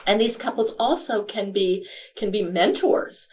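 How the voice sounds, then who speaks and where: A woman author as a podcast interview guest, speaking reflectively and halting with frequent fillers. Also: mid-range voice, expressive, darkish tone.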